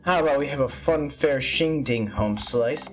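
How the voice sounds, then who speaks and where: A let's-player voicing a sleazy, smooth-talking guy who flirts over the phone in a slow, low, slangy drawl. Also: soft background music, close to an everyday voice. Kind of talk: voicing game dialogue aloud.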